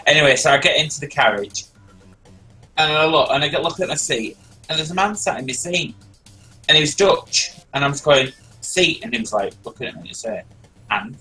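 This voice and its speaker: A man's voice: a little high, a little fast, rough recording. A man, hosting a stream and rambling through a long story in casual chat. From Britain. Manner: rambling and animated, repeats words while telling a story. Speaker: stream host. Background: faint background music.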